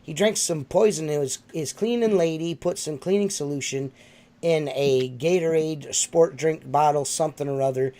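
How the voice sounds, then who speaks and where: A man's voice: fairly high pitch, normal speed, mellow. A man hosting a podcast, telling stories in casual chat, swearing and laughing often. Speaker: podcast host.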